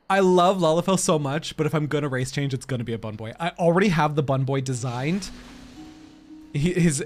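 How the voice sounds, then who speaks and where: A man live-streaming a game, chatting to his viewers in a giggly, rambling way. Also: on the high side. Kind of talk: casual live-stream chat while gaming.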